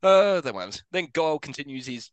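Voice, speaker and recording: A man's voice: on the high side, big pitch swings, quick pace, smooth, dry recording, muffled recording. A man co-hosting a podcast, casually recapping a film scene by scene and laughing often. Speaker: podcast co-host. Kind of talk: casual film review chat.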